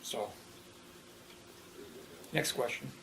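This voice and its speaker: A man's voice: drawn-out words, fairly bright tone, a little hiss or hum, poor audio. A man speaking in casual conversation who tells stories in a matter-of-fact way. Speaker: interviewee.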